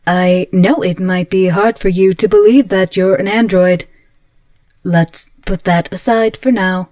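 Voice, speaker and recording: A woman voicing an obsessive, volatile female android in an audio roleplay, speaking slowly and earnestly in a pleading way. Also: mid-range voice, mellow, dry recording, studio quality, natural voice.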